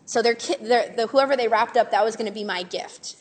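A woman teaches a live group of church workers in a relaxed, chatty way, animated and full of fillers. Her voice sits fairly high. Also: brisk. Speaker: Sunday school teacher giving a workshop. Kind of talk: casual talk to a live group.

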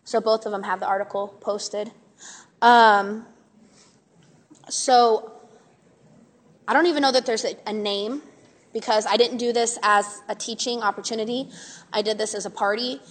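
Animated woman teacher with a high voice. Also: normal speed, pauses often. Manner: chatty and animated, many fillers. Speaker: Sunday school teacher giving a workshop. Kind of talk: casual talk to a live group.

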